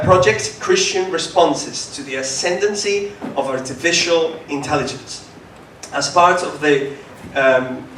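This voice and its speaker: A man's voice: on the high side, fairly bright tone, a little hiss or hum. A man with a Spanish accent introducing the next speaker at a conference, friendly and stumbling a little over names. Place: conference hall. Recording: echoey hall, distant mic.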